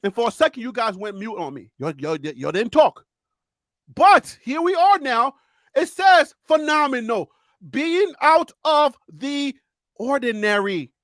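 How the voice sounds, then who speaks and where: A man with a Liberian accent hosting a live sports debate, excitable, repeating words and laughing often. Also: very high voice, measured pace, no room sound, clean studio sound. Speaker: host.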